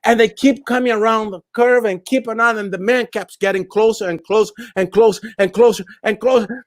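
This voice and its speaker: A man from Brazil with a Brazilian accent, telling a story as a guest in a lively, laughing way on a video call. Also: high voice, a little fast, few pauses, no room sound. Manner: lively, laughs often, repeats words. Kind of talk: animated storytelling in a chat.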